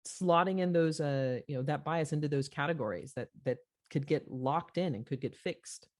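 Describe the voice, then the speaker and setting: Podcast host, mid pitch, earnest, reflective storytelling, frequent fillers. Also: normal speed, a little mellow.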